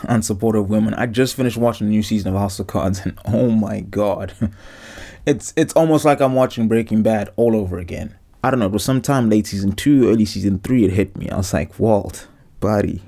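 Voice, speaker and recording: A man's voice: on the low side, warm tone. A young man hosting a podcast, rambling through a profane, joking solo monologue. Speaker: podcast host. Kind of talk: casual comedic monologue.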